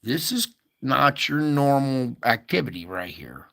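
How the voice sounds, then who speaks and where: A man's voice: mid-range voice, sing-song, a little slow, vocal fry, pushed and bright. A man hosting a casual earthquake update, thinking aloud over maps with many fillers and asides. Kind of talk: casual screen-share commentary.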